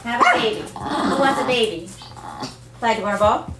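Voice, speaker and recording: A woman's voice: a little high, lively intonation, moderate pace, very noisy. A woman who runs a senior dog sanctuary from her home, talking casually and in doting baby talk to her dogs, mixed with mock scolding.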